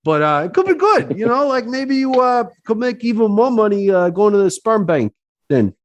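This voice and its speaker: A man's voice: high voice, big pitch swings, normal speed, highs cut off. A man hosting a podcast in loose, joking casual chat, full of fillers and swearing. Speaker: podcast host.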